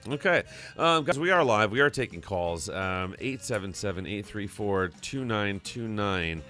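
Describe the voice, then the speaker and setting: A man's voice: fairly low pitch, lively intonation, a little slow, pushed and bright, faint music behind. A man hosting a live stream in casual chat, upbeat and reading viewer messages aloud.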